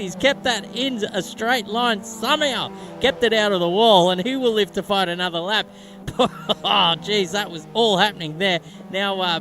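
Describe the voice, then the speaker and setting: A man with an Australian accent co-commentating a sim race, chatty and laughing, with sudden excited yelps. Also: sits high, background noise.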